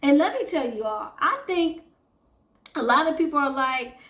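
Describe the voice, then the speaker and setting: A woman's voice: high-pitched, lively intonation, normal speed, fairly bright tone, reverberant. A woman hosting a casual TV recap and review, chatting straight to her viewers. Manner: chatty, addresses viewers as y'all. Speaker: TV recap host.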